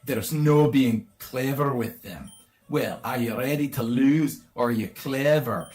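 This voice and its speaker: A man voicing a proud male dragon tamer from a video game, speaking slowly and grandly in an attempted Scottish accent that slips. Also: mid-range voice, darkish tone, close to an everyday voice. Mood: boastful. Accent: attempted Scottish, slipping. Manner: slow, grand boasting delivery.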